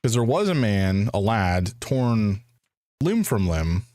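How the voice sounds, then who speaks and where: Low-voiced man thinking aloud over a game. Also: very animated, slow pace, darkish tone, dry recording, studio quality. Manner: thinking aloud, hesitant, restarting sentences. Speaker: streamer. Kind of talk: live game commentary.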